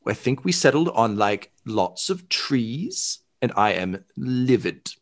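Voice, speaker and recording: A man's voice: medium pitch, big pitch swings, slow pace. A man voicing a haughty female familiar inside a hollow suit of armor, regal and entitled. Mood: indignant. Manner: imperious, entitled complaining.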